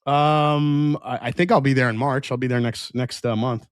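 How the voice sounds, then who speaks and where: A man's voice: medium pitch, steady tone, normal speed, smooth, dry recording, clean studio sound. A man hosting a whiskey review livestream in a casual, rambling way, often restarting sentences and answering chat.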